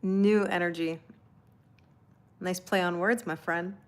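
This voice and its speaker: A woman hosts a casual live tarot reading, chatting and laughing with viewers and reading their comments aloud reassuringly. Her lowish voice is slow, with fairly even intonation.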